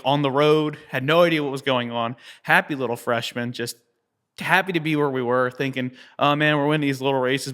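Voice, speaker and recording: A man in his thirties from New Jersey, telling a long story as an interview guest. He talks in a lively way, chuckles often and uses many fillers. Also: medium pitch. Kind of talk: conversational storytelling.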